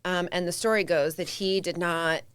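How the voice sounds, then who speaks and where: A woman's voice: fairly low pitch, steady tone, moderate pace, clean tone, dry recording. Encouraging woman host, dry close mic. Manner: friendly, encouraging, prompts the guest with questions. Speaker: podcast host. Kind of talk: casual interview chat.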